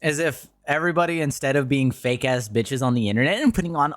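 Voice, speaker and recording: A man's voice: medium pitch, lively intonation, fast talker, no echo. Young guy streamer going off bluntly, cussing a lot, dry close mic, bit of music behind. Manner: blunt, ranting, profane. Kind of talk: casual stream commentary.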